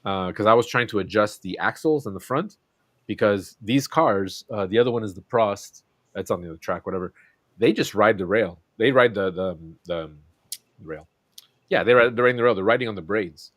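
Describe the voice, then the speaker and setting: A man's voice: fairly low pitch, fairly quick, a bit bright, no room sound. Dry-sounding rambling man host. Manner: rambling, lots of ums and restarts. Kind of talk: casual chat.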